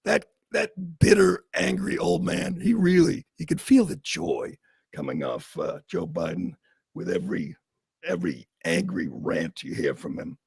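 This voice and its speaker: Gravelly, husky male talk host. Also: on the high side, huge pitch swings, a little mellow, dry recording, clean studio sound. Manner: sarcastic, mocking, quick asides with laughs. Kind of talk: opinionated political commentary.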